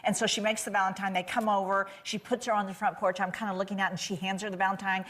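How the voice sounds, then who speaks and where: A woman's voice: medium pitch, little pitch movement, fast talker, fairly bright tone. An older woman telling heartfelt family stories as a talk-show guest, choking up as she speaks. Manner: tearful, chokes up. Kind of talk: emotional talk-show storytelling.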